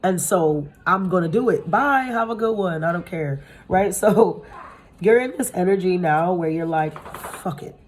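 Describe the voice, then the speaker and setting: A woman's voice: fairly low pitch, normal speed, slight background noise. A woman giving a casual tarot reading to her viewers from home, talking bluntly, swearing freely and laughing often. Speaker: tarot reader. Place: at home with pets nearby.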